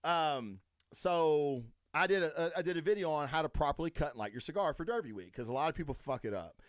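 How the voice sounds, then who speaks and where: A man's voice: fairly high pitch, animated, fairly quick, no room sound, studio quality. A man hosting a podcast, talking in a crude, rambling way and swearing constantly. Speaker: podcast host. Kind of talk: profane casual monologue.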